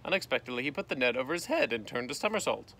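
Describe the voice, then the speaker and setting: A man, a teacher, reading a storybook aloud outdoors, with lively voices for the characters and a gentle sign-off. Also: mid-range voice, very fast. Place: outdoors in a canoe.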